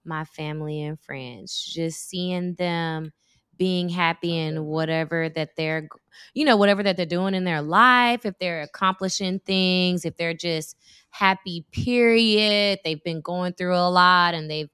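A woman in her thirties chatting casually and telling stories in an animated way. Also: fairly low pitch, measured pace, clean tone, dry recording, clean studio sound. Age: 30s. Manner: animated storyteller. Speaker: guest. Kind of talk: casual chat.

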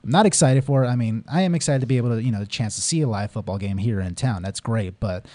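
A man, a bartender guest on a podcast, chatting casually and laughing often in animated, emphatic talk. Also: mid-range voice, fast, no room sound. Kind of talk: casual chat.

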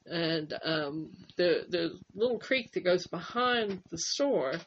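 An older woman co-hosting a casual chat, reminiscing in a rambling, halting way with many fillers. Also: fairly low pitch, lively intonation, muffled recording, slight background noise. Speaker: co-host.

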